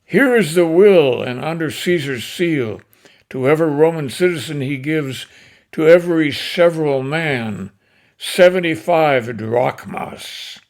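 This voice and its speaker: A man's voice: on the high side, lively intonation, unhurried, pitched above the performer's own voice. A man reading the part of a grieving Roman orator, declaiming to stir a crowd. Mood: impassioned. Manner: impassioned, declamatory.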